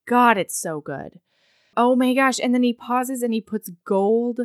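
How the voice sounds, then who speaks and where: A woman's voice: fairly high pitch, a little slow, no room sound, studio quality. A woman co-hosting a casual book chat, reading passages aloud and gushing over them, laughing often. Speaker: podcast co-host.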